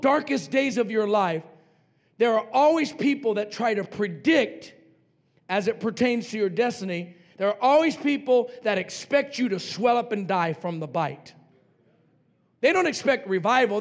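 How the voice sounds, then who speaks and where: An older pastor from New Mexico preaches a revival sermon with a very high, gravelly voice. He drives home his points with repeated declarations that often break into shouts. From New Mexico, USA.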